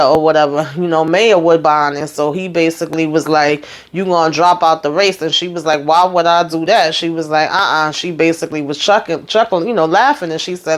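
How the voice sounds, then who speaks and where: A woman recapping a TV episode in a casual, animated way from a hot room at home. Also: on the low side. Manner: chatty, animated, talks to viewers with "honey" and "okay". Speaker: TV recap host.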